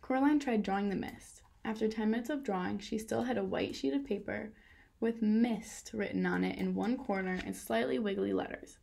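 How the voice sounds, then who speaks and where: A woman reading a children's novel aloud in a calm, steady way. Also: medium pitch, moderate pace, gravelly. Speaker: reader. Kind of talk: children's book read-aloud.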